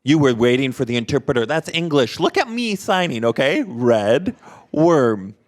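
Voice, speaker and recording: A man's voice: mid-range voice, very animated, moderate pace. A man voicing a presenter at an interactive workshop, quizzing the audience with short prompts and questions.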